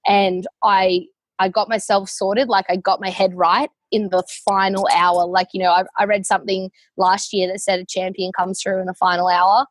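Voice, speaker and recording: A young adult woman with an Australian accent appears as a guest in a casual podcast interview, telling her story in a heartfelt, rambling way packed with fillers. Her voice is medium-pitched with a level tone at normal speed, recorded dry.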